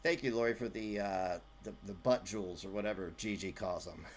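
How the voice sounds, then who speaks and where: A man's voice: fairly low pitch, normal speed, slight background noise. A man commentating on an old clip during a livestream, rambling, sarcastic and profane. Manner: rambling and sarcastic, swinging loud and soft.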